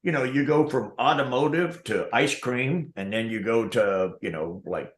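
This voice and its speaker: A man's voice: medium pitch, moderate pace, roomy sound. A man chatting casually on a livestream, telling dry, joking anecdotes. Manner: dry storyteller, acts out quoted remarks.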